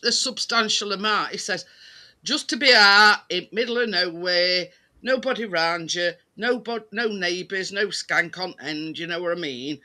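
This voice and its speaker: A man retelling stories in a casual chat, rambling and halting with many fillers. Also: high-pitched, bright, forceful tone. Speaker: participant in a group chat.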